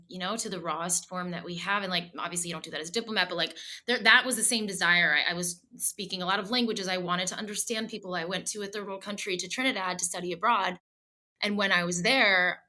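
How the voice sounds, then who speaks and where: A woman in her thirties from the Boston area, a singer-songwriter guest in a casual interview, telling stories and acting out quoted voices. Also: lowish voice. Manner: animated, acts out quoted voices.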